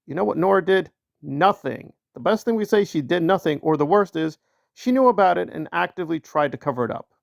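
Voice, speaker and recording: A man delivering a heated solo commentary, his voice gravelly and fairly high for a man. He hammers points with repetition and slips into sneering mock-quotes. Recorded close and dry. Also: no echo. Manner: mocking put-on quotes in raised pitch. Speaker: commentary channel host.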